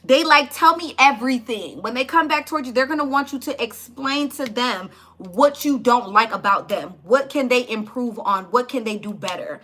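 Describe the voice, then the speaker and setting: Bright, chatty woman reading tarot. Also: fairly high pitch, normal speed, hardly any pauses, a little hiss or hum. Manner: blunt, chatty, swears and laughs often. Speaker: tarot reader. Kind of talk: casual tarot reading to camera.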